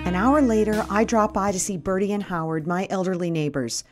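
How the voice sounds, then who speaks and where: A woman's voice: medium pitch, brisk, soft background music. A woman host telling a comic first-person story with wry, dramatic narration.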